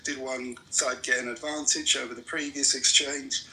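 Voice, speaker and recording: A man's voice: mid-range voice, level tone, moderate pace, pushed and bright, poor audio. A man in a heated political argument, furious and swearing constantly as he rants. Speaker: debate participant.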